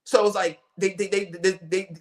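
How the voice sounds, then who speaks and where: A young man streaming a loose, profane rant, his voice sitting a little high for a man. He restarts sentences constantly and piles on fillers as he circles his point. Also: steady tone, normal speed. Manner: blunt, profane, rambling with many restarts and fillers. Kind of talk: ranting monologue.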